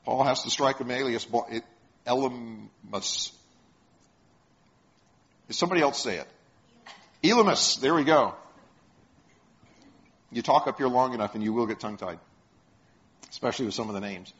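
A man's voice: mid-range voice, fast talker, long pauses. A man preaching a sermon, retelling stories and putting questions to the congregation. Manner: storytelling, asks the congregation questions. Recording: dull lo-fi sound.

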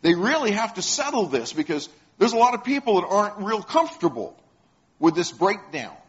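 A man's voice: high-pitched, big pitch swings, brisk. A man preaching a sermon, retelling stories and putting questions to the congregation. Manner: storytelling, asks the congregation questions. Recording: dull lo-fi sound.

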